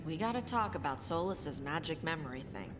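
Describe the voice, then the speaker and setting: A woman's voice: deep voice, expressive, a little fast, music in the background. An actress playing a blunt, earnest young woman warrior in a video game. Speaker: game character.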